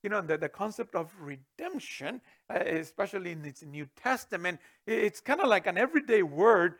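A middle-aged man preaching a sermon as pastor, swinging from booming to hushed with chuckling asides. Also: lively intonation, normal speed.

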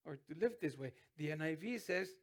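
A man's voice: fairly high pitch, animated, a little fast. A man preaching a sermon as pastor, earnest, with restarts and sudden emphatic rises.

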